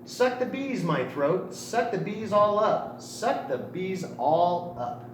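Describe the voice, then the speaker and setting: Storybook role: a man putting on a plucky little rooster, loud and shrill, that crows and demands its due, with lively leaps in pitch; echoey room, mic set back. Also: slow pace. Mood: chanting. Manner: shrill crowing, insistent demands. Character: small plucky male rooster, stubborn and loud. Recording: roomy echo, distant mic, faint noise.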